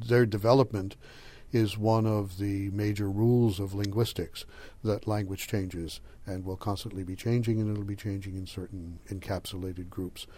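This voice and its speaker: An older man speaks in a measured, lecturing way during an interview. His voice sits somewhat low and sounds mellow and dark. He pauses to think and weighs his words. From Boston area. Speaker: interviewee, language scholar. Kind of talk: conversational interview answers.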